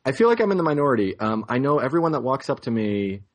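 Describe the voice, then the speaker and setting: A man's voice: medium pitch, big pitch swings, fast talker. A young man co-hosting a podcast who rambles, corrects himself and laughs often. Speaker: podcast co-host. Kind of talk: casual podcast chat.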